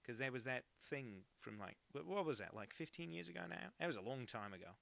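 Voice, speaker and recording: On a casual livestream, a young cartoonist chats while he draws, cracking jokes and reading viewers' messages out loud over a home mic. He speaks a little fast with lively intonation, in a medium-pitched, creaky, slightly bright voice, recorded dry.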